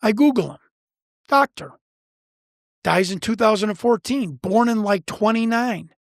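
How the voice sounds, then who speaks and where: A man from Chicago, a guest researcher, telling a story in an animated way, full of restarts and acted-out quotes. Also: high-pitched, measured pace, no echo, studio quality. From Chicago, United States.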